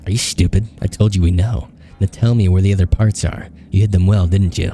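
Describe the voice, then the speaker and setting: A man's voice: deep voice, fairly even intonation, brisk, dark tone, soft background music. A man reading the lines of a stern male police detective in a video game, blunt and accusing. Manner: blunt, accusatory, pressing questions.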